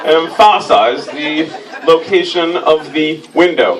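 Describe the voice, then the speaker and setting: A man hosting a comic stage reading, teasing his volunteers in a dry, mock-pompous deadpan. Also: a little high, slow. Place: stage before a live audience. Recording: distant mic, loud crowd laughter and noise.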